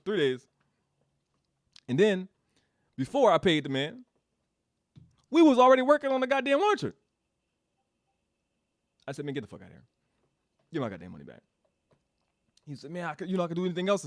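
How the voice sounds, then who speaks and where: A man in the middle of a casual developer update, ranting through a story with lots of laughter and swearing. His pitch jumps around a lot as he talks. The sound is dry and close, with no room echo. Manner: animated, laughs often, swears, repeats himself. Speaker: game studio developer giving an update.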